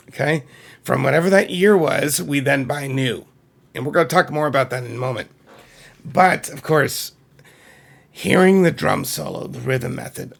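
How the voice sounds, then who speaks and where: A man's voice: medium pitch, gravelly. A middle-aged man from Massachusetts chatting to camera about his music collection, enthusiastic and rambling, with frequent asides to viewers. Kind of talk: casual chat to camera.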